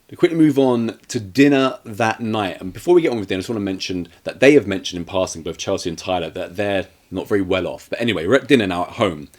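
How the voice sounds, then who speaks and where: A man's voice: fairly low pitch, fast talker, hardly any pauses. A man co-hosting a casual podcast, reviewing a bad horror movie with sarcasm and acting out the characters' lines. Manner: animated, sarcastic, acts out quotes. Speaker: podcast co-host.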